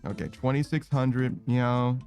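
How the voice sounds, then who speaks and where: A young man streaming a game, chatting casually and rambling, ending nearly every phrase with a quick "meow" and swearing now and then. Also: medium pitch, a little mellow, faint music behind. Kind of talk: casual gaming stream chat.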